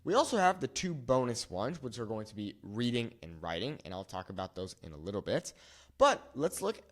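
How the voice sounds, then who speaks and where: A man teaching a lesson at a whiteboard, repeating words slowly to show how they sound. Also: mid-range voice, big pitch swings. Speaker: Spanish teacher.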